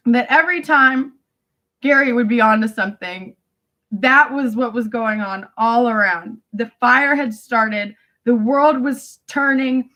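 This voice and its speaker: Woman with a high, bright voice, rambling on to her friends, laughs a lot, swears casually. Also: measured pace. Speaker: vlogger addressing family friends. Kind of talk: rambling reminiscing monologue.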